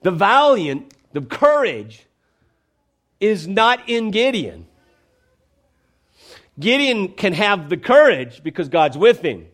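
A man's voice: high-pitched, sing-song, slow pace, pauses often, fairly bright tone. A man preaching a conversational, emphatic sermon, often checking in with the congregation.

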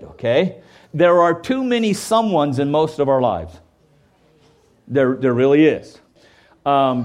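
A man's voice: a little high, darkish tone. A man preaching a sermon in a conversational way, often checking in with "okay?" and acting out quoted voices. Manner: acts out quoted voices and jokes. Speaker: pastor.

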